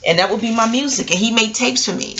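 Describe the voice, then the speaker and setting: A woman's voice: fairly high pitch, quick pace, slight background noise, low-quality recording. A middle-aged woman from New City, telling a personal story in a casual, profane monologue to her viewers. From New York City. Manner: animated, profane, talks straight to viewers. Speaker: vlogger and memoir author.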